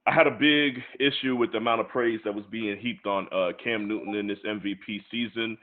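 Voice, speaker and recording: A man's voice: lowish voice, steady tone, a little fast. A man co-hosting a podcast, eager to make his points and laying them out in order, in casual chat. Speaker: podcast co-host. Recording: tinny phone-like line.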